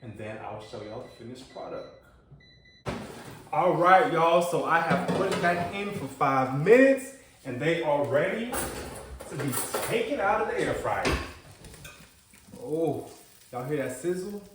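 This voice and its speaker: Man, casual cooking vlog host, talks to y'all, murmurs low while tasting, booming room echo. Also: big pitch swings, measured pace, long pauses, noisy background. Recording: very echoey room, far from mic, music behind.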